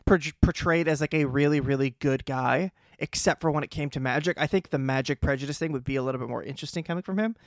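Man with a fairly high voice chatting. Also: quick pace, few pauses, no echo, clean studio sound. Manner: chatty and opinionated, argues points, laughs along. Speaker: podcast co-host. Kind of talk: casual chat recapping a TV episode.

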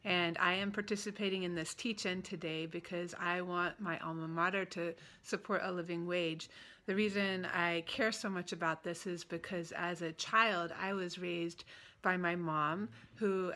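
A woman in her forties, a pastor, giving earnest, measured remarks at a teach-in. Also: on the low side, steady tone, bright, forceful tone. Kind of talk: prepared public remarks.

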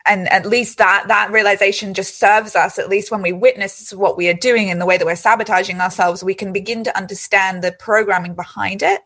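A woman hosting a podcast, talking in a calm, encouraging coaching way. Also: medium pitch, brisk, hardly any pauses, slightly rough. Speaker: podcast host. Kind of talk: reflective coaching talk.

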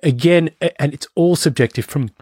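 A man's voice: on the high side, moderate pace, warm tone, slightly rough, no room sound, clean studio sound. A man, a film producer, chatting as a podcast guest, musing with lots of fillers and restarts. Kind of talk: casual interview chat.

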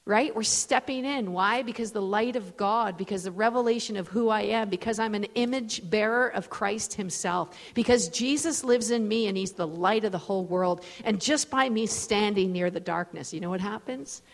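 A woman preacher giving a storytelling sermon in a casual, animated way, full of fillers. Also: mid-range voice, normal speed, hardly any pauses, long reverb tail. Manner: conversational, animated, many fillers. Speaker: preacher, guest speaker. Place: large event hall.

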